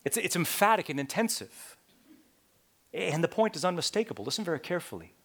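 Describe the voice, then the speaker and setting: A man preaching a sermon, swinging from loud, emphatic lines to hushed whispers and repeating key points. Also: high-pitched, sing-song, a little fast.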